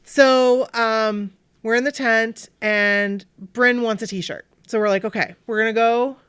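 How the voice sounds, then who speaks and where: A rather high-voiced woman tells a long story in casual podcast chat, jumping into bright, lively voices for everyone she quotes. She comes from Maine, and her voice sits close and dry with no room around it. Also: a little slow, smooth, no echo. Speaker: podcast co-host.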